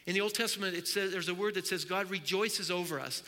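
A man preaching a sermon as pastor, telling stories with animated acted-out dialogue. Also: sits high, fast, hardly any pauses, big-room sound.

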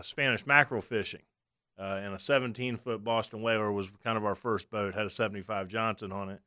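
A man's voice: on the low side, sharp tone, clear, resonant tone, no room sound, studio quality. A man guest on a fishing talk show, chatting easygoing about memories with frequent fillers. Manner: easygoing, many fillers and restarts. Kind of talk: casual chat.

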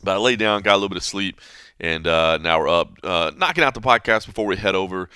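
A man hosting a podcast, telling a story in a casual, animated way, full of fillers like "man" and "you know", acting out the people he quotes. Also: sits low, quick pace, clear, resonant tone, no echo, studio quality. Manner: animated storyteller who acts out quoted voices. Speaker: podcast host.

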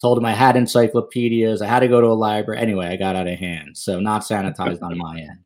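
Chatty podcast host guy, lowish voice, jokey asides. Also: flat delivery, fast talker, darkish tone. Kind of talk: podcast interview.

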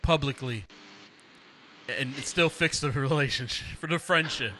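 At a slightly slow pace and medium pitch, a man co-hosting a podcast laughs often as he animatedly acts out both sides of his stories in casual conversation. Slight background noise can be heard.

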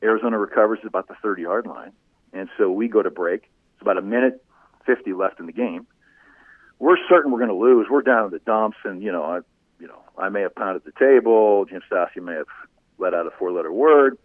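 A man's voice: fairly low pitch, a little fast, dry recording. Man telling stories over a phone line. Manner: animated anecdotes, voice rising when telling funny moments. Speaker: former radio play-by-play broadcaster. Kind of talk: storytelling in a casual interview. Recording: phone-like narrow sound, dry.

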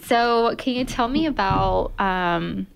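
A woman's voice: medium pitch, takes it slowly, vocal fry, clear, resonant tone. A woman hosting a casual interview, asking questions, laughing often and encouraging her guest. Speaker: interviewer, church staff podcast host.

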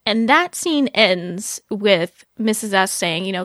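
A woman hosting a podcast, chatting casually about a TV episode, animated and laughing often. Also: slow pace, no echo, studio quality. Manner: animated, laughs often, quotes scenes in a lowered voice. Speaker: podcast host. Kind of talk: casual TV recap chat.

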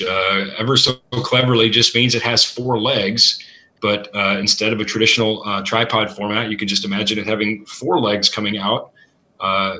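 A man answering questions as an equipment expert, talking casually and filling pauses with "uh" and "you know". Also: lowish voice, bright, forceful tone. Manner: thoughtful, filler-heavy with many uh and you know.

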